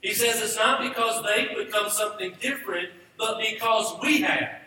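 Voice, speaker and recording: A male pastor preaches a sermon with emphasis, repeating rhetorical questions, recorded from a distance in an echoey church sanctuary. His voice is high-pitched, bright and forceful, at a normal speed.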